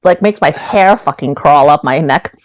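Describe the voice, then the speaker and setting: A woman co-hosting a podcast, telling an animated, profane story in casual chat. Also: low-pitched, moderate pace, no echo, poor audio. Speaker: podcast co-host.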